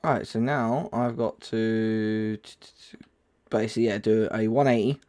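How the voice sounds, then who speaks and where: A man's voice: on the low side, fairly even intonation, moderate pace, darkish tone. A man hosting his own livestream, chatting casually about a game and rambling with lots of fillers and restarts. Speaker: livestream host. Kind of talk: casual gaming chat.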